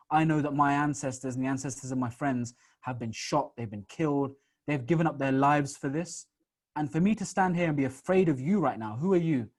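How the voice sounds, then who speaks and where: A young man from the UK, a missionary on a Q&A panel, telling stories in a quick, animated, casual way with repeated starts. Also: medium pitch. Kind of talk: casual storytelling in a Q&A.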